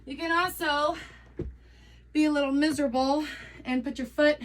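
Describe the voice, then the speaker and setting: A woman's voice: high voice, fairly even intonation, normal speed, slight background noise. A woman fitness coach leading a workout as she exercises, counting reps aloud, upbeat and joking, out of breath. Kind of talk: workout instruction while exercising.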